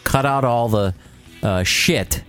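A man's voice: medium pitch, slow, a bit bright. Podcast cohost guy, dry teasing, reads fan mail, faint music under it. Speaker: podcast co-host. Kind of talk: casual chat reading listener comments.

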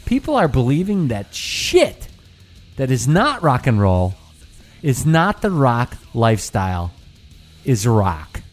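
A man's voice: mid-range voice, very animated, slow, soft background music. A man co-hosting a comedy talk show, bantering crudely and quizzing his co-host.

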